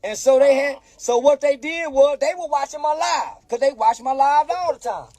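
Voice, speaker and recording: This storyteller, heard in a played clip, has a high male voice and a darkish tone, speaking at normal speed on a dry recording. His anecdote is lively and profane, delivered in a drawl, and he acts out the dialogue by switching into other people's voices.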